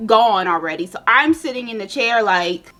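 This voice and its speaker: A woman's voice: a little high, moderate pace, soft background music. Chatty young woman vlogger telling a story. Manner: animated, chatty, addresses viewers directly. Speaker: beauty vlogger. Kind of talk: casual storytelling while doing makeup.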